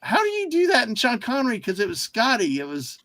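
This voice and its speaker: A man's voice: extremely high pitch, wildly swooping pitch, a little fast, pushed and bright. A man hosting a casual livestream who rambles and keeps interrupting himself. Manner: rambling, easily distracted, self-interrupting. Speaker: livestream host.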